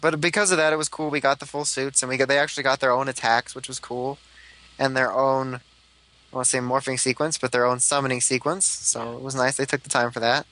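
A man's voice: mid-range voice, flat delivery, fairly quick, bright, forceful tone, poor audio. A young man chatting casually about a TV show, rambling with lots of fillers. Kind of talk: casual fan chat.

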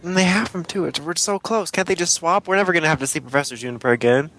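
A man's voice: fairly high pitch, quick pace, fairly bright tone, a little hiss or hum. Rambling man chatting casually. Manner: rambling, self-deprecating, apologetic. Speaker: podcast co-host. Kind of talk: casual chat about cartoons.

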